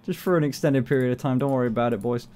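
A man's voice: mid-range voice, very fast, darkish tone, clean tone. A young man streaming, chatting casually in a playful, swearing way and laughing often. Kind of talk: casual livestream chat.

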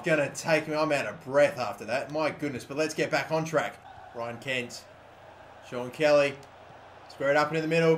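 A man in his twenties giving live, excitable commentary on a video game he is playing, chatting between plays and shouting over big moments. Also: fairly high pitch, normal speed. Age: 20s. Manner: excitable, bursts into loud shouting over goals. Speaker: gaming YouTuber.

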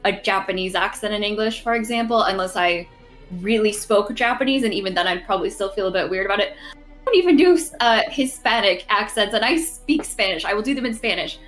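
A woman's voice: medium pitch, fairly quick, fairly bright tone, soft background music. A woman player on a video call, explaining her views in an earnest, careful and thoughtful way. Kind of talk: casual chat on a game call. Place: online group video call. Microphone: home computer mic on a video call.

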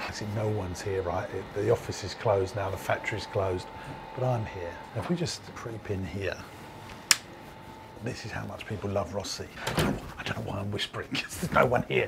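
A man giving a chatty, enthusiastic walking tour of his ice cream factory, sometimes dropping his voice low. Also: gravelly, background noise. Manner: chatty, enthusiastic, drops to a whisper at times. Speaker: business owner vlogger.

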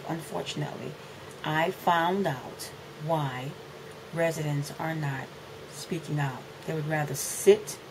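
A woman, ranting to camera as a mother, indignant and repeating phrases for emphasis, swinging between loud outbursts and low, weary lines. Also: background noise. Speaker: mother making a video complaint. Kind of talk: emotional rant to camera.

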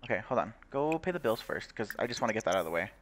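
A man's voice: lowish voice, very animated, racing, a bit bright, a little hiss or hum. A young man giving casual, crude commentary while playing a game, swearing, laughing and reading game text aloud. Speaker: gaming YouTuber.

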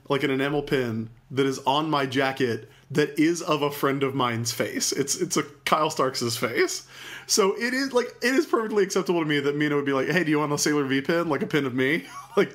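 A man's voice: fairly high pitch, animated, a bit bright. A man co-hosting a podcast, chatting loosely about a cartoon episode and acting out its lines for laughs. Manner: joking, rambling, quick to act out lines. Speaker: podcast co-host. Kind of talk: casual chat recapping a cartoon episode.

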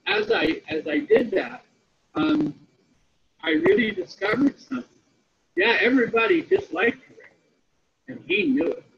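A man's voice: very high-pitched, vocal fry, slight background noise. A man speaking on a webinar about disability support, telling a story and often checking in with "okay?". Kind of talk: storytelling talk. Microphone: online call audio. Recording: muffled lo-fi webinar audio.

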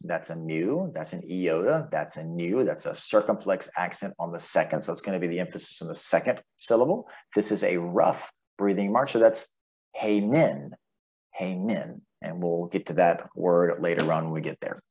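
A man giving a relaxed, chatty video lesson on the Greek alphabet, spelling out letters and their sounds. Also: deep voice, normal speed, few pauses. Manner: sings the alphabet in a plain untrained voice. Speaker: Greek teacher.

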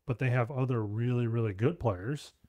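A man's voice: medium pitch, normal speed, a little mellow, no echo. A young man co-hosting a podcast in casual chat, blunt and rambling, swearing offhandedly. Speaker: podcast co-host.

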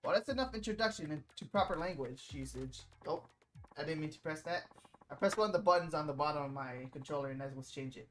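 A woman's voice: low-pitched, quick pace, a little hiss or hum. A woman casually commenting while playing a video game, reading the dialogue aloud and correcting herself. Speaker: let's player.

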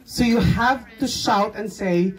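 A woman's voice: medium pitch, slow, husky. A woman hosting a children's game at a film premiere, coaxing kids up and counting aloud. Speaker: event host. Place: film premiere event venue.

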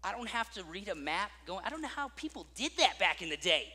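Animated man preaching in a reverberant hall. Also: sits high, fast, slightly rough. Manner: animated storytelling with acted-out voices. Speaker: pastor. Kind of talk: sermon.

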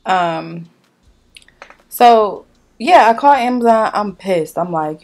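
A woman's voice: lowish voice, a little slow. A young woman, ranting in a blunt, profane storytime while she does her makeup at home. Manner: animated, blunt, profane storytelling with reenacted dialogue. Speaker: beauty vlogger. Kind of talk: casual storytime chat during a makeup tutorial.

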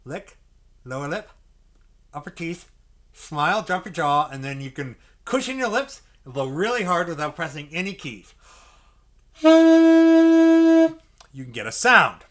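A man's voice: on the high side, sing-song, measured pace, long pauses, pushed and bright. A man teaching saxophone, explaining step by step, checking in often with "okay?" and acting out the mouth sounds. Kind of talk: instructional music lesson.

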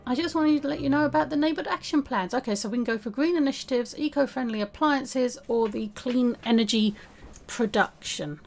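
A young woman chatting casually through a life-sim game as the host, talking to her character as she plays. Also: on the high side. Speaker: gaming video host. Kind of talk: casual let's-play commentary.

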